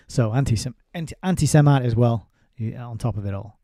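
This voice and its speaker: Male book reviewer with a deep, warm, dark tone and a dry close sound. He is sardonic and halting. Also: animated, dry recording. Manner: sardonic asides with halting restarts. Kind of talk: casual spoken book review, reading passages aloud.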